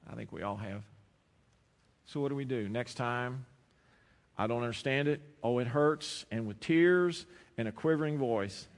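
A male pastor preaching a sermon who swings between loud, emphatic declarations and quiet, intimate storytelling. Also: medium pitch, moderate pace. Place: church sanctuary. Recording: long reverb of a large hall.

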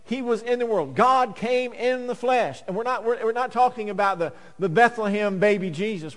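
A man preaching a sermon as pastor, swinging between loud urgent lines and hushed quiet ones. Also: sits high, moderate pace, few pauses, in a large hall. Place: church sanctuary.

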